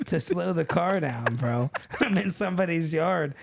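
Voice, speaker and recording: A man telling wild stories in casual chat, animated and laughing as he acts out other people's lines. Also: fairly high pitch, measured pace, creaky, very noisy.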